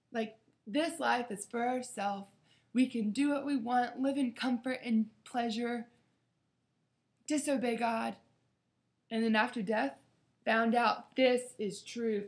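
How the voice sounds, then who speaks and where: Slow, gravelly woman preaching earnestly. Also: on the high side. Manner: earnest, preaching, acts out quotes dramatically. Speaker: youth Bible study leader. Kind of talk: devotional talk to camera.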